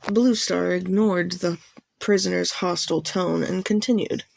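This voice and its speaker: A woman reading a novel aloud as a fan audiobook, narrating in an even, plain storytelling manner. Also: on the low side, unhurried, vocal fry, no echo.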